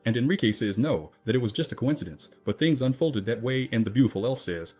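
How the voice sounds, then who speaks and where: A man's voice: mid-range voice, lively intonation, fast talker, hardly any pauses, warm tone, breathy edge, faint music behind. A man narrating a story recap in a casual, jokey way, with chatty asides to the listener.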